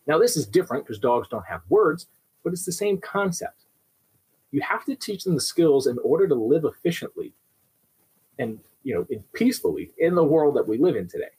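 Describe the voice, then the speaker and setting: A young man with a noticeably husky, rough-edged voice explains dog behavior in an instructional way. His pitch moves a lot as he talks, and he leans on everyday examples to make his points. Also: a little mellow, low-quality recording. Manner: explains with everyday examples, often asks "right?". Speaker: dog trainer. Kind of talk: instructional talk.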